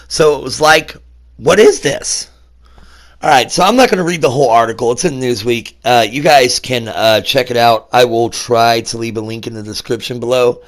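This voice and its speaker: A man with a sick, rough voice doing casual vlog commentary, mock-serious and stumbling over names with lots of fillers. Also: medium pitch, fairly bright tone. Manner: mock-serious, breaks into disbelief. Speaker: YouTuber.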